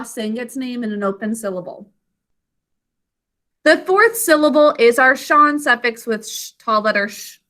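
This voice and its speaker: A woman teacher leading a spelling lesson for children, slowly and carefully sounding out syllables and giving encouraging praise. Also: sits high, fairly bright tone. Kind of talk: online literacy lesson for children.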